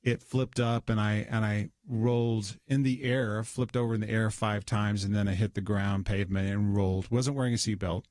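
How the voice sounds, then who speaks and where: A man's voice: fairly low pitch, steady tone, moderate pace, hardly any pauses, a little mellow, no room sound, clean studio sound. Man telling a rambling personal story. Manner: rambling storyteller with many restarts and laughs. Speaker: studio guest. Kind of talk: personal testimony in conversation. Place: radio studio. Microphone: studio microphone.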